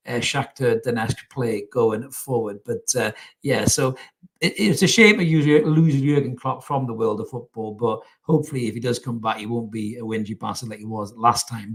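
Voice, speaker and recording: A young man talks football on his own show, chatting with the viewers. His voice sits at an ordinary middle pitch. He is blunt and sweary, with plenty of laddish banter. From North East England. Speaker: podcast host. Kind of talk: casual live-stream football chat.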